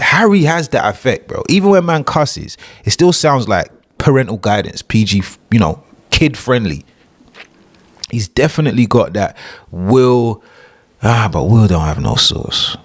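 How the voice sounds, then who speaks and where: A young British man chatting excitedly and using slang while he reacts to a video on a live stream. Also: on the low side. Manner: chatty, slangy, hyped, talks over the video. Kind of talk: casual live-stream commentary.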